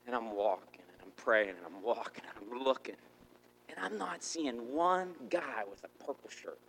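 A man preaching in a church, telling a personal story with animated, repetitive re-enactments of his own thoughts. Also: mid-range voice, moderate pace, creaky, big-room sound, a little hiss or hum, poor audio. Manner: animated, acts out his own inner thoughts, repeats words. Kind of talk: sermon storytelling.

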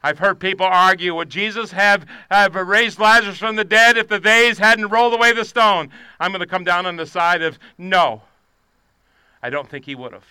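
A man preaching a sermon, rising to shouted fervor and dropping to quiet, low confiding. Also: fairly even intonation, moderate pace, clear, resonant tone, dry recording. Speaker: pastor.

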